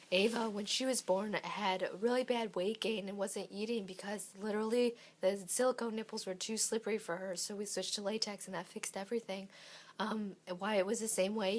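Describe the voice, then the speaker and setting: A young woman, a mother, giving a casual vlog update while sick and losing her voice, chatty and full of ums. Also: medium pitch. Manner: chatty, lots of ums and likes. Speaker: parenting vlogger. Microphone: handheld camera, shaky.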